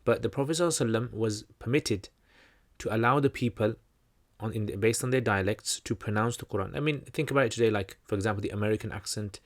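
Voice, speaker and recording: A man's voice: fairly low pitch, fast. A man hosting a livestream Q&A, teaching in a loose, conversational way, full of fillers and restarts. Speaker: channel host answering questions.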